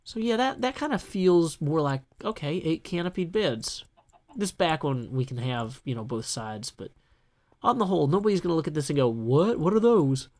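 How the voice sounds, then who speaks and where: A man's voice: on the high side, lively intonation, moderate pace, darkish tone. A man casually talking through his building work in a video game, chatty and self-deprecating, with jokey asides. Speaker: gameplay video host. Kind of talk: casual solo gameplay commentary.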